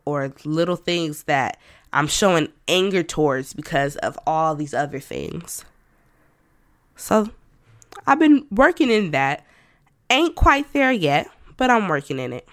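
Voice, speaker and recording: Her voice sits low and comes across a bit bright, recorded dry with studio quality. She's a podcast host reflecting openly on her own life in a conversational monologue, muttering asides to herself and laughing lightly.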